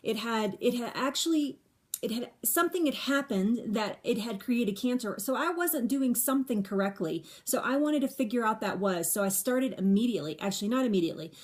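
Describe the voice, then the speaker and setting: A woman's voice: on the high side, lively intonation, a little fast, darkish tone. Middle-aged woman doing a live q&a, candid and chatty, repeats herself for emphasis, lots of restarts. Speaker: livestream host answering viewer questions. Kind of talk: casual live Q&A monologue. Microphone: phone or webcam on a live stream.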